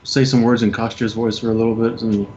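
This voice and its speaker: A man's voice: medium pitch, flat delivery, fast talker, a little mellow. A man playing a tabletop game, casually rambling through plans with the group. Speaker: player. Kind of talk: tabletop game planning chat. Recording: dull lo-fi mic, faint noise.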